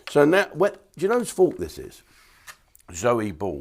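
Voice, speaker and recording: A man's voice: a little high, huge pitch swings, a little slow, creaky. A man, delivering a blunt, crude comedic rant to camera. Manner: blunt, crude and jokey, with asides and restarts.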